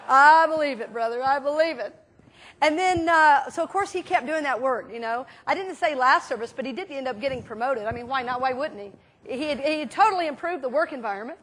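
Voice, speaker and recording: A woman minister preaches in a loose, chatty way, full of little fillers as she tells her stories. Her voice sits high and bright, and she talks to the room as if chatting with friends. It is a casual, animated sermon. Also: brisk. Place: church sanctuary.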